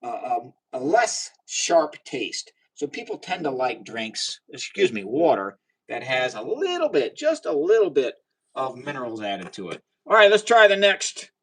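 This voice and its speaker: A chatty, excitable man running a live chemistry demo and talking straight to his viewers. His voice sits a bit high for a man and swings widely in pitch, and he drifts from the mic now and then as he moves around his bench. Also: poor audio. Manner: chatty and excitable, talks to viewers, cheers at results. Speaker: livestream host doing chemistry experiments. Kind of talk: casual live science demo.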